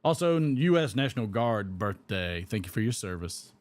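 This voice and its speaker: A man's voice: on the low side, sing-song, moderate pace. A man hosting a live pipe-smoking stream, chatting casually, rambling and reading comments aloud while he smokes. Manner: rambling, reads chat comments aloud and chuckles.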